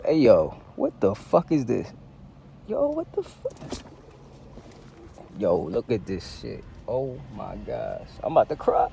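A man's voice: on the low side, lively intonation, a little slow, creaky, few pauses, dark tone, slight background noise. A man vlogging from his car, complaining in a profane, dramatic, exasperated way. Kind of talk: casual vlog. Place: in a car, outdoors traffic.

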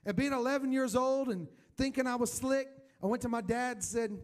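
A man preaching a sermon in church, telling his personal testimony, rising loud for emphasis and dropping to a hushed voice when emotional. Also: extremely high pitch, fairly quick, hardly any pauses. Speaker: pastor.

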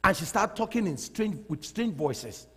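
A middle-aged man preaching a sermon in a church hall. He talks in an animated way, laughs often and repeats phrases for emphasis. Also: sits high, normal speed, husky. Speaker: pastor. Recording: long reverb of a large hall.

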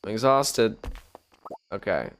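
A man casually commentating as he plays a video game, joking, swearing and thinking out loud. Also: fairly low pitch, sing-song, slow, faint music behind. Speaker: game streamer. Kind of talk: casual Let's Play commentary.

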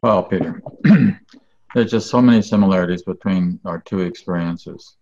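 A man hosting a casual interview chat, relaxed, with fillers and light laughs. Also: low-pitched, normal speed, a little hiss or hum. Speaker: host. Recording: dull lo-fi audio.

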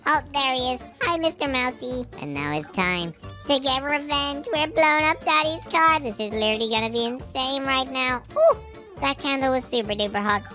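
A man voicing a cheeky, mischievous baby boy in a roleplay game video, squeaky and excitable. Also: heavily acted. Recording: faint kids' music behind.

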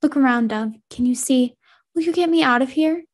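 A woman voicing a trapped, needy ghostly young girl who speaks in a hushed, pleading, clinging way. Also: high voice, normal speed.

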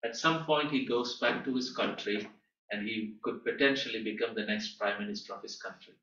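An earnest man lectures and tells stories, pausing often as he goes. His voice is bright and crisp. It comes from a distance through a dull mic in an echoey room. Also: on the low side. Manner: earnest storyteller, halting with pauses. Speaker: guest teacher at a Bible school. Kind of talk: lecture with personal testimony.

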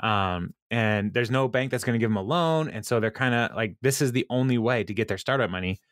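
A man's voice: mid-range voice, fairly quick, fairly bright tone, dry recording, studio quality. A man hosting a podcast, retelling a TV episode in casual chat, laughing often and acting out the quotes. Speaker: podcast host.

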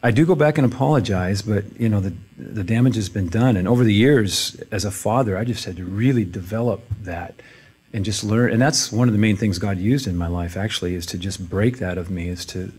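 A middle-aged man pastor speaking in a church, conversational and self-deprecating, with halting restarts. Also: fairly low pitch, darkish tone. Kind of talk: casual sermon talk.

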